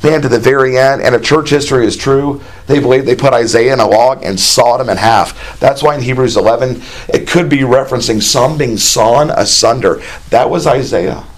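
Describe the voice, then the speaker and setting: A man delivers a sermon in a plain, folksy way and slips in imagined dialogue. His voice sits at an ordinary middle pitch. When he reads scripture aloud, he raises his voice and grows more animated. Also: normal speed. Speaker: preacher.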